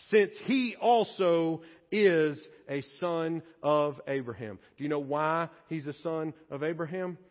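A male pastor preaching an animated sermon, moving between quiet and loud passages. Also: a little high. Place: church sanctuary. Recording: dull lo-fi audio in a reverberant hall.

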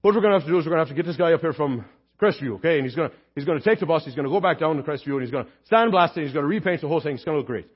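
A preacher doing a fast-talking mock-Irish man. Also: on the high side, lively intonation, breathy edge, in a large hall, lo-fi sound, voice pushed down. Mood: matter-of-fact. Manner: rapid, run-together, mock Irish brogue. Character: man mimicking an Irish deacon, brisk.

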